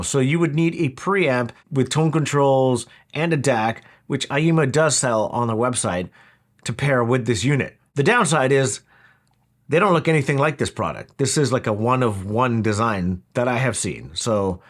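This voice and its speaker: A man talking through a product review in a casual, wry, conversational way. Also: medium pitch. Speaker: audio equipment reviewer.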